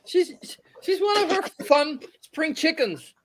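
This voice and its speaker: A woman's voice: high-pitched, animated, slow. A woman guest in casual chat, teasing and protesting.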